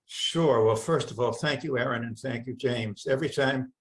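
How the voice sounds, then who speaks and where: A man's voice: medium pitch, moderate pace, poor audio. An older man giving a wry, anecdotal storytelling talk as a guest speaker on a video call. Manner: wry, anecdotal, with lively asides. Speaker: guest speaker, environmental lawyer.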